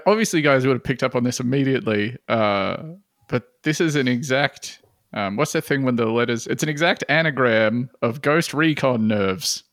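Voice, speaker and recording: A man's voice: mid-range voice, moderate pace, a bit bright, no echo, clean studio sound. A man co-hosting a casual comedy podcast, reading out a list of funny names and chuckling between them. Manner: reads out silly names with amused chuckles. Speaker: podcast co-host.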